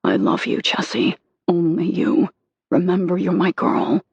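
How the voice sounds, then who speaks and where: An audiobook narrator voicing a possessive, tender adult husband with low, commanding murmurs. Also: animated, a little slow, gravelly, husky, no echo, lo-fi sound, exaggerated voice.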